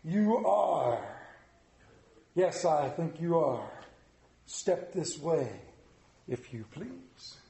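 A man voicing a reformed old miser who swings between gleeful shouts and mock growls, read aloud in a sermon. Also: on the high side, big pitch swings, drawn-out words, vocal fry, pauses often, roomy sound, exaggerated voice. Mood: mock gruff.

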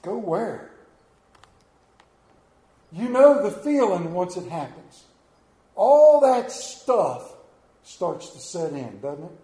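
A man's voice: high-pitched, animated, slow pace, long pauses, warm tone, reverberant, poor audio. A man preaching a sermon as pastor, telling stories with rising and falling emphasis.

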